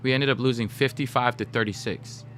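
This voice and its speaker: A young male gaming livestreamer with a medium-pitched, fairly even voice talks a little fast, with a somewhat bright tone and a bit of hiss or hum. He chats casually with his viewers, telling stories and addressing the chat directly.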